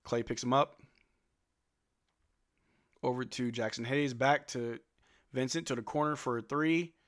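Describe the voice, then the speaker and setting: A man's voice: medium pitch, a little slow. A young man hosting a casual live watch-along, calling the plays as a fan with laid-back, resigned asides. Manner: laid-back, resigned, swears then apologizes. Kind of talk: casual fan play-by-play commentary.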